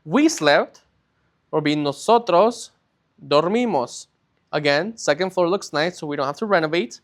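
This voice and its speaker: A man with a fairly high-pitched voice teaching a recorded language lesson. He explains patiently step by step, often slowing down to stretch out key words and checking that his students follow along. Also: lively intonation. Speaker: Spanish teacher.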